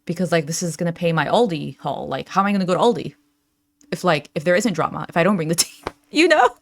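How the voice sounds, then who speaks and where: A woman's voice: on the low side, expressive, quick pace, creaky. A young adult woman hosting a reaction channel, talking casually with lots of fillers and frequent laughs as she reads out chat messages.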